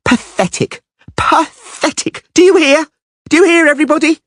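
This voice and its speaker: A man voicing a jilted blonde woman who screams abuse from a balcony, very high and shrill for his voice. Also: normal speed, a bit bright, no echo, clean studio sound. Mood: screaming.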